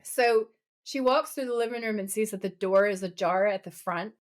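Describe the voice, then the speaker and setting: Speaking at an ordinary speed with a mid-range pitch, a woman partly brought up in America co-hosts a podcast. She chats casually through a TV episode recap, playful and lively, acting out lines as she retells scenes.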